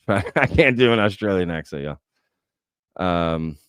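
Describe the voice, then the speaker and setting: A man's voice: sits low, expressive, takes it slowly, a bit bright, smooth, no echo, clean studio sound. A man hosting a livestream Q&A, thinking aloud in a conversational way and often tagging his points with "right?". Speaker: host. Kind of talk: livestream Q&A, reading chat comments.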